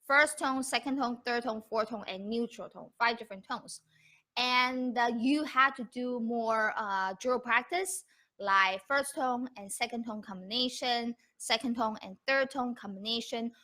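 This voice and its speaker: A woman's voice: on the high side, bright, forceful tone. A woman teaching beginners on a live stream. She talks patiently and repeats each key point. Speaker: Mandarin teacher. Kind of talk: live-streamed language lesson.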